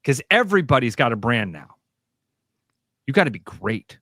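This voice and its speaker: A man's voice: mid-range voice, very animated, normal speed, long pauses, a bit bright, dry recording. Midwestern male co-host, punchy and repetitive, preaching takes, dry studio. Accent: American Midwest. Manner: emphatic, repetitive, preachy riffs. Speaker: sports radio co-host. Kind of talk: opinionated sports talk. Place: radio studio.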